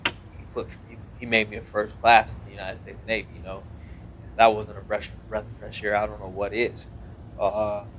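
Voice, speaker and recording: A man in his thirties speaks in a somewhat low voice, earnest and rambling, circling back through restarts and fillers as he talks. It is a relaxed podcast conversation with faint background noise under his voice. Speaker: podcast guest, naval officer. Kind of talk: casual conversational interview.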